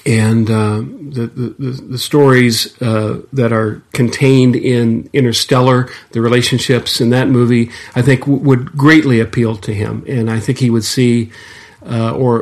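A man co-hosting a podcast, talking in a halting way with many fillers and restarts. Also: mid-range voice, fairly even intonation. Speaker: podcast co-host. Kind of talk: casual discussion.

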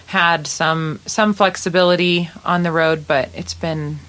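A woman in a casual interview, relaxed, filling in her bandmate's stories. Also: sits low, unhurried. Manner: relaxed, adds to partner's stories. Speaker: touring musician guest.

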